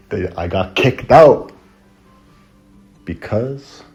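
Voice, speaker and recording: A man's voice: low voice, dark tone. A man telling a personal story in a casual, rambling, slangy way, laughing at it now and then.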